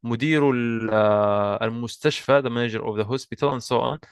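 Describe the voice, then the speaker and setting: Guy teaching an online class, mid pitch, dry close sound, keeps repeating himself patiently. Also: steady tone, fast talker, clean tone, no room sound. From Egypt. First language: Arabic. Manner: patient, repeats and restarts, switches between English and Arabic. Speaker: Arabic teacher. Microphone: video call mic.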